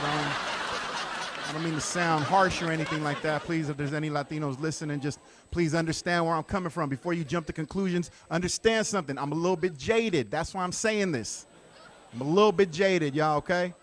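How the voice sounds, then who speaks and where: A man doing a stand-up set, conversational with deadpan punchlines. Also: on the high side, a little hiss or hum. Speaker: stand-up comedian.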